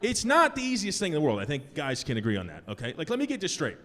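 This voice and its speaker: Lively young man doing stand-up. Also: quick pace. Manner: animated, jumps into high-pitched punchlines. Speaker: stand-up comedian. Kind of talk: stand-up set. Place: comedy club stage. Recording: live club with long reverb.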